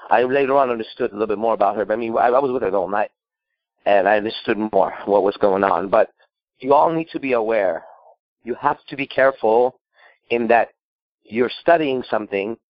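A man's voice: lowish voice, no echo, lo-fi sound. A man working as a dating coach, answering a caller's question with emphatic, profane storytelling.

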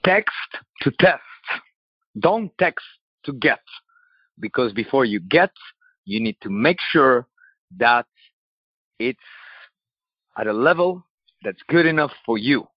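Brief: emphatic male coach, mid pitch, dry dull recording. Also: lively intonation, slow, pauses often, slightly rough, no echo. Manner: short emphatic coaching lines. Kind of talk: punchy advice talk.

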